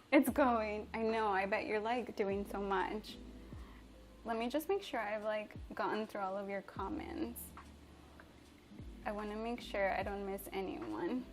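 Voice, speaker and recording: A young woman from Mexico, a native Spanish speaker, chatting casually with viewers on a livestream from her home kitchen, bubbly and giggly. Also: medium pitch. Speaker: livestreamer and chef. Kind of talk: casual livestream chat reading comments.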